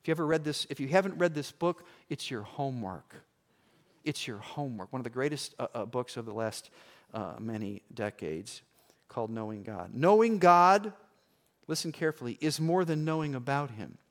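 A middle-aged man preaching as a pastor, telling a story with acted-out voices and swings from hushed to loud. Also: medium pitch, animated, a little fast. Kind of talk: sermon with a personal story.

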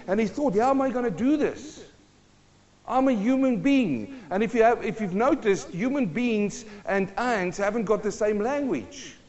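A man preaching a sermon, telling a story with animated swings between quiet talk and shouting. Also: a little high. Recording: long hall reverb, dull lo-fi sound.

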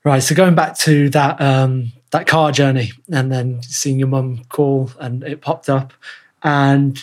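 A man's voice: medium pitch, steady tone, slow pace, a little mellow. Man asking rambling interview questions. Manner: rambling, stacked questions with restarts. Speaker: podcast host.

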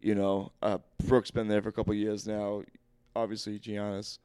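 A man's voice: lowish voice, little pitch movement, moderate pace, warm tone, clean tone, no echo. A young man hosting a podcast, chatting casually about basketball in a rambling, profane way. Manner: rambling, profane, laughs often. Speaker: podcast host. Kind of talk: casual sports chat.

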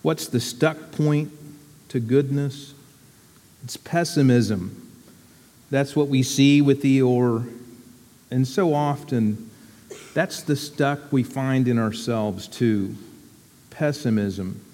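A man giving a sermon to his church community in a reflective, unhurried, deliberate way. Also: medium pitch, dark tone, big-room sound.

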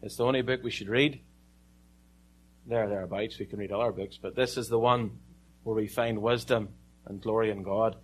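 A man with an Irish accent preaching a sermon, telling a story with dramatic pauses and some joking asides. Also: lowish voice, fairly even intonation. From Ireland.

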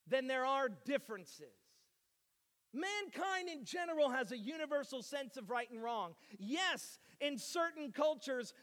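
A man with a very high, light voice delivers a sermon in an animated way, swinging from loud declarations to near-hushed asides. The sound carries a long reverb, as if it were recorded in a large church hall. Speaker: pastor.

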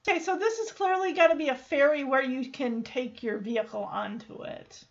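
Chatty high-voiced woman recapping. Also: moderate pace, muffled recording. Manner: animated, laughing, acts out characters. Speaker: show recapper. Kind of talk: casual recap chat.

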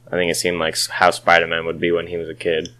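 A man's voice: deep voice, completely flat delivery, fast talker, bright, forceful tone. A man in casual chat reviewing a film, easygoing and agreeable. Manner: easygoing, agreeable, asks questions.

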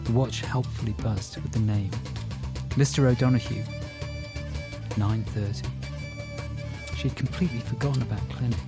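A man narrating an audiobook in a measured, steady reading. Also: fairly low pitch, music in the background.

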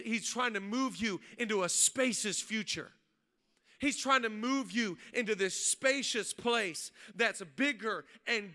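A man, a pastor preaching a sermon, mixing funny stories with loud, rising exhortation. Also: sits high. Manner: humorous storytelling, building to loud preaching. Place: church stage before a congregation.

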